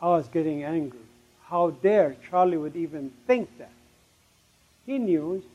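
A middle-aged man with a notably high voice tells his life story from a stage. He is emphatic, voices both sides of old conversations and sinks to a hush at tense moments. The recording sounds dull and lo-fi. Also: a little slow. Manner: emphatic, with sudden drops to a hush. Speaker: speaker giving a testimony. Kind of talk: dramatic storytelling testimony.

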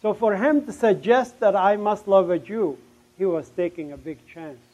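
High-voiced middle-aged man telling a testimony. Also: moderate pace. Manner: acts out both sides of remembered conversations; emphatic, with sudden drops to a hush. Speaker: speaker giving a testimony. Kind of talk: dramatic storytelling testimony. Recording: dull, lo-fi recording.

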